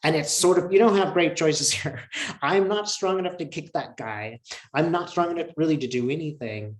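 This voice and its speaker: A man in an interview, telling a personal story in an earnest, emotional, reflective way with many pauses and fillers, heard over a video call. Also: a little high. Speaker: interview guest. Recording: roomy echo.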